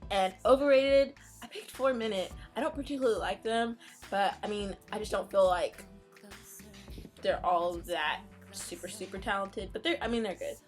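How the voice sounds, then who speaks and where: A woman's voice: medium pitch, moderate pace, faint music behind. A young woman co-hosting a casual fan Q&A, chatty and opinionated in a laid-back way. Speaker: K-pop reaction channel co-host. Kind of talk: casual Q&A chat.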